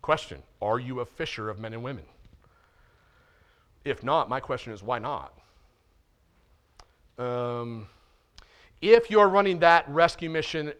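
A man's voice: mid-range voice, fairly bright tone. A man preaching a sermon as pastor in a church, talking directly to his listeners and often asking rhetorical questions.

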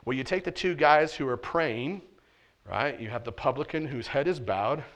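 A pastor preaching a sermon in a conversational, emphatic way, often checking in with "right?" and swinging between intense loud stretches and quiet asides. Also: male voice, mid-range voice, animated, moderate pace.

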